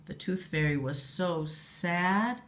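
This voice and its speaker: A woman reading a storybook aloud to a child in an expressive, lively way. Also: lowish voice, slow.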